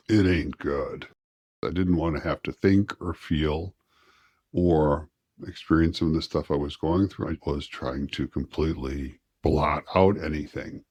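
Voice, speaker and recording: A man speaking as an interview guest, reflective and halting, often restarting his sentences. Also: rumbling low, a little mellow, dry recording. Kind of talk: candid personal interview.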